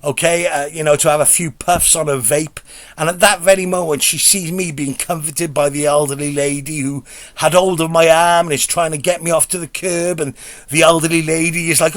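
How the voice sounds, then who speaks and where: A man's voice: a little high, fairly even intonation, normal speed, dry recording. A middle-aged man tells a comic story in a rambling, stammering, sweary, self-mocking way. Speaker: comedy vlogger.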